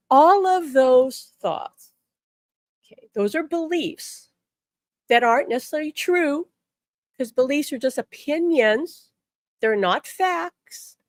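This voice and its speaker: Middle-aged woman teaching spiritual stuff, earnest and emphatic, kinda high voice, dry close sound. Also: big pitch swings, measured pace, dry recording. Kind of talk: direct-to-camera teaching talk.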